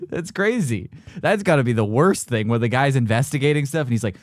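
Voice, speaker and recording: A man's voice: medium pitch, lively intonation, fast, no echo, studio quality. A man co-hosting a comedy podcast, riffing casually and laughing often. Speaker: podcast co-host.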